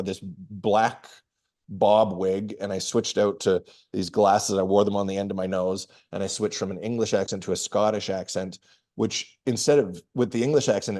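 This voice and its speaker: A middle-aged man, a comedian, answering interview questions in a relaxed, storytelling way with frequent restarts. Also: fairly low pitch. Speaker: guest comedian and performer.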